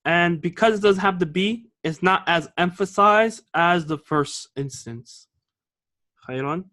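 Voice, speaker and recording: A male Arabic teacher gives a grammar lesson in class, his voice high-pitched and sharp in tone, his pace unhurried. He explains things patiently, mixes English with Arabic, and asks "okay?" and "all right?" to check on his students.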